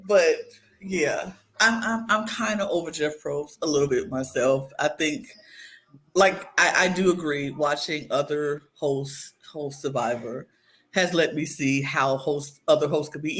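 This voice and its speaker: A woman co-hosting a podcast, ranting in an animated, casual way with lots of slang. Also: low-pitched, unhurried, slight background noise. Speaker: podcast co-host.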